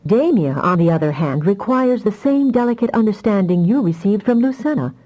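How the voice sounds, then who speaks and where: A woman's voice: mid-range voice, expressive, fairly quick, mellow, lo-fi sound, pitched above the performer's own voice, lightly acted. A woman reading an audiobook voices an anxious adult telepathic mother who talks in a distressed, pleading way. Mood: rueful.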